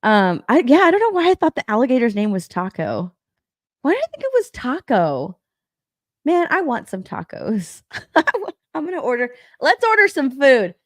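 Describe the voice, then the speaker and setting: A young woman hosting a live stream alone, talking in a loose, rambling way that loops back on itself. Her pitch jumps around a lot. She swears casually and laughs often. The sound is close and dry, with no room echo. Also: big pitch swings, normal speed. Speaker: stream co-host.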